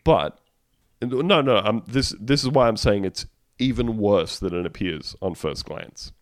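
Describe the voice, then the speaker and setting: Lower-voiced man, wry podcast chat. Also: lively intonation, unhurried, no echo, clean studio sound. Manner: wry, reads news items aloud, laughs mid-sentence. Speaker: podcast co-host. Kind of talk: casual comedic chat.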